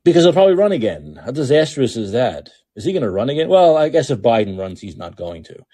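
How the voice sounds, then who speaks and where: A man hosting a talk show delivers a heated, profane rant in a husky voice. His pitch climbs and swings widely as he hammers the same points over and over. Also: big pitch swings, quick pace, warm tone. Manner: heated, profane, repetitive ranting. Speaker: podcast host. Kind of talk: ranting political commentary.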